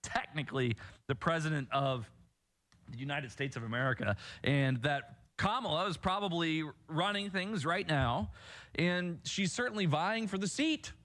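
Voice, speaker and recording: A man's voice: fairly high pitch, moderate pace, fairly bright tone. A man hosting a political commentary show, talking in a sarcastic, mocking and indignant way between played clips.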